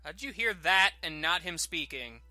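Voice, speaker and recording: Jokey let's play host, very bright tone, lively swings in pitch. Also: male voice, normal speed, no room sound. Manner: rambling, jokey, self-mocking. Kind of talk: casual gameplay commentary.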